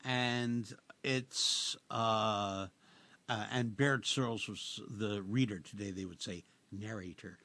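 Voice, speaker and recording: A man hosting a radio show, chatting casually in a halting, rambling way with lots of fillers and restarts. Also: fairly low pitch, fairly even intonation, pushed and bright. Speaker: radio host. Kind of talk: casual radio interview chat.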